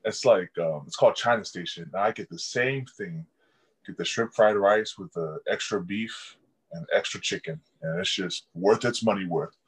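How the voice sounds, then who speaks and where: A man's voice: low-pitched, moderate pace, husky, low-quality recording. A young man, a college football player, telling casual stories in an interview and laughing often. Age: young adult. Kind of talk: casual storytelling.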